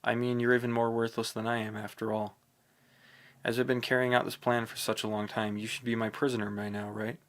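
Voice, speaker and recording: A man voicing a lonely, clingy young woman who pleads softly in an audiobook. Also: mid-range voice, little pitch movement, brisk, natural voice. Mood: pleading.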